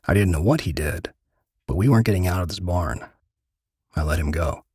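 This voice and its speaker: Deep husky male storyteller. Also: darkish tone, dry recording, studio quality. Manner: gritty, measured first-person narration. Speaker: narrator. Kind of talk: dramatic story reading.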